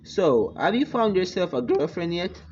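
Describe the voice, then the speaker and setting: Brief: fierce doting mother, a man pitching up, slow, lo-fi recording with background noise. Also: sing-song, darkish tone. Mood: bossy. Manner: bossy, threatening, doting. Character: feisty fierce mother spirit, woman.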